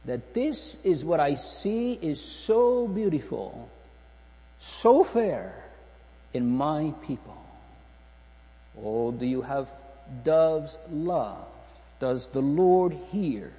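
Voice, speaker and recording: In a church hall thick with long reverb and mains hum, a pastor delivers an earnest, pleading sermon, pressing his congregation with probing rhetorical questions. His voice is a little high with a dark tone.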